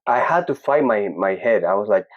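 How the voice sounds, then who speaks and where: A young man from Peru, a podcast guest telling a personal story in casual, animated talk, acting out the voices of people he quotes. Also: fairly low pitch, normal speed, no room sound, dull audio.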